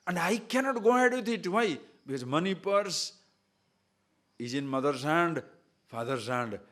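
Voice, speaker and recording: A man's voice: on the high side, expressive, moderate pace, a bit bright. A male spiritual teacher giving a lecture on scripture. He talks earnestly, builds points in lists and keeps telling listeners to listen carefully.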